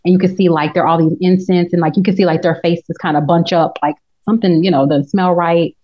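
A woman, recapping a TV episode in casual chat and acting out the characters in quick, laughing asides. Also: on the low side, steady tone. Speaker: podcast co-host. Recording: dull lo-fi sound.

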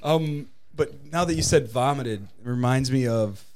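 A man of average pitch chats on a podcast and spins long, meandering anecdotes. He laughs easily and swears without a second thought, in a loose, unhurried way. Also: a crowd in the background. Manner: rambling storyteller, laughs often, swears freely. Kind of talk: casual chat.

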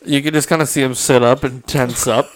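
Male podcast host, mid-pitched, chatty storyteller who laughs often and acts out quoted voices. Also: steady tone, brisk, no room sound. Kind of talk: casual storytelling chat. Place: studio.

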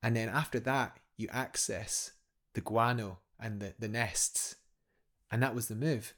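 A man's voice: lowish voice, a little slow, fairly bright tone. A man, a guest telling a climbing story in a casual podcast chat, enthusiastic and rambling with many restarts.

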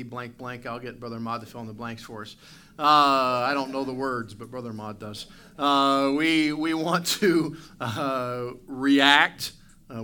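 Bright-voiced male pastor preaching. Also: medium pitch, clear, resonant tone. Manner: animated preaching, acts out barking dog and asides to the congregation. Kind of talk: sermon. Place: church sanctuary.

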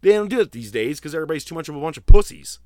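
A man hosting a casual wrestling podcast, telling stories in a profane, animated way. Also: a little high, racing, no echo, clean studio sound. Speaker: podcast host.

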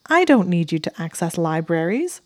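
A woman voicing a clever, sharp-tongued young witch, brisk, teasing and quick to take offence. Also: fairly low pitch, fairly even intonation, dry recording, lightly acted.

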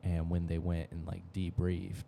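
A man's voice: low voice, monotone, normal speed, vocal fry, noisy background. A young man co-hosting a podcast, talking casually in a rambling way full of fillers and the odd swear word. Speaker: podcast co-host. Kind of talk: casual chat.

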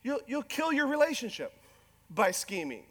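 High-voiced pastor preaching in a hall. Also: male voice, normal speed. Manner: animated, self-deprecating humor, acts out quoted spouses. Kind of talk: sermon. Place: large church hall. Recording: long hall reverb.

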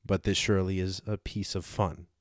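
A man's voice: sits low, little pitch movement, normal speed, no room sound, studio quality, pitched below the performer's own voice, close to an everyday voice. A man reading the part of an aged male philosopher, cross-examining with rhetorical questions, for a dramatized audiobook. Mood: indignant.

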